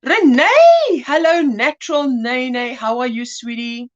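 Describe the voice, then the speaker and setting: A woman hosts a casual home livestream in a higher voice with lots of swing in it. She takes her time, reads out names, calls people sweetie and laughs easily. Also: animated, slow, dull audio. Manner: greets viewers by name, warm pet names, laughs often. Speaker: livestream host. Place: indoors at home.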